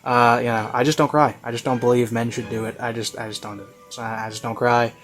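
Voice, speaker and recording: A man's voice: medium pitch, flat delivery, fast, fairly bright tone, soft background music. A man giving casual, rambling commentary on a video he is reviewing, full of "you know" and "like" and offhand self-mockery.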